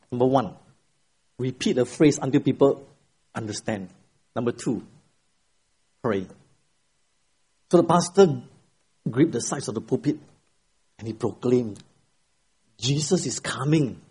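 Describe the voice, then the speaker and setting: A middle-aged male pastor delivering a Sunday sermon from the pulpit. His voice is mellow and a little husky, and he tells stories with emphatic rises for key words before easing back down to a soft, quieter tone. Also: medium pitch, a little slow, long pauses. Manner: expressive storytelling, rising for emphasis, then dropping quiet. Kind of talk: sermon with an opening joke and prayer. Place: church sanctuary at the pulpit.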